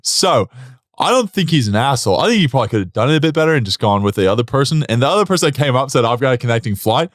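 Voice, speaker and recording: A man's voice: mid-range voice, very animated, rapid-fire, dry recording, clean studio sound. A man co-hosting a casual chat show, giving blunt, jokey opinions. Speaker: co-host.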